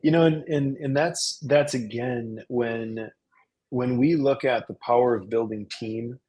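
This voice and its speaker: Lively man telling a business story. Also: medium pitch, measured pace, low-quality recording. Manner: animated storyteller, acts out dialogue, repeats words. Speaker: salon business coach. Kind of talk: casual webinar talk.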